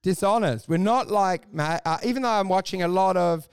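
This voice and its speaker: A man's voice: high voice, normal speed, clean tone. A man co-hosting a podcast in casual comedic banter, riffing and acting out mock conversations with lots of swearing. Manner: animated riffing, acts out mock dialogue, swears. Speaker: podcast co-host.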